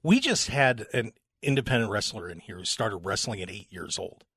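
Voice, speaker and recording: A man's voice: lowish voice, lively intonation, moderate pace, fairly bright tone, husky, no room sound, studio quality. A man hosting a radio show, talking in an upbeat, joking way. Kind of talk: casual radio talk. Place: radio studio.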